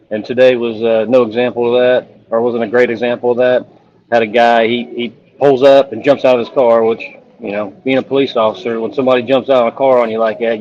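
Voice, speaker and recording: Earnest man on a muffled line. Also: medium pitch. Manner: earnest, emotional storytelling. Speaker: police officer and ultrarunner. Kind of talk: phone interview update.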